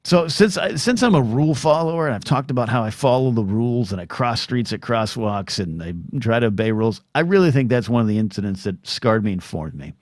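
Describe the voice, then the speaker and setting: A man's voice: medium pitch, animated, brisk, few pauses, darkish tone, dry recording, clean studio sound. A middle-aged man hosting a solo podcast, rambling and self-deprecating, stumbling over restarts and acting out quoted voices. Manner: acts out quoted voices in short bursts.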